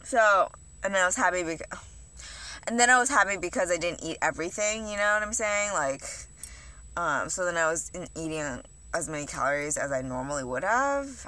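A woman's voice: fairly low pitch, animated, normal speed, pushed and bright. A young woman vlogger rambling in a confessional, profane way, with lots of "like". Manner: rambling, profane, heavy use of "like". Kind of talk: confessional eating vlog talk.

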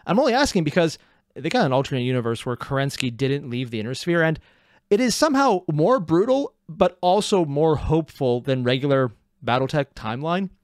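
A man with a medium-pitched voice runs a casual reaction video, recorded at studio quality with no room sound. He stays animated, makes sarcastic side comments, and laughs at his own jokes as he goes.

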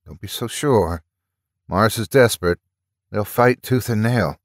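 A worried young woman passenger speaks gravely and uneasily, as a male narrator voices her. The voice stays low and dry. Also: measured pace, dry recording. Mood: uneasy.

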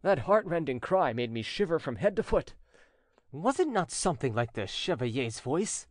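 A man's voice: sing-song, moderate pace, no echo, clean studio sound. A man voicing an agitated French nobleman, emotional and pleading. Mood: uneasy. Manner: emotional, pleading, high-strung.

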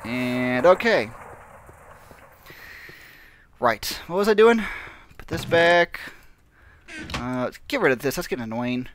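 A man's voice: mid-range voice, expressive, unhurried, fairly bright tone, slight background noise. A man giving casual, rambling gameplay commentary, mocking himself and laughing often. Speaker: gaming channel host.

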